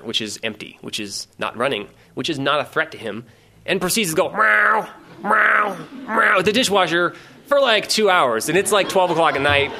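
A man telling a rambling, profane comic story in a casual, animated way. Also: mid-range voice.

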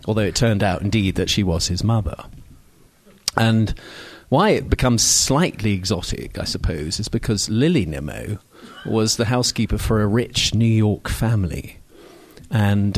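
A man's voice: on the low side, measured pace, no room sound. An older man from Scotland with a received pronunciation accent, telling a personal story at a microphone in a wry, digressive, self-mocking way with many fillers. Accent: received pronunciation English. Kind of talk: storytelling talk. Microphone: microphone on stage.

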